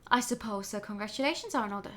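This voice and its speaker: A woman's voice: mid-range voice, very fast, fairly bright tone, lightly acted. Woman reading a reflective bird prosecutor. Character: earnest male bird prosecutor.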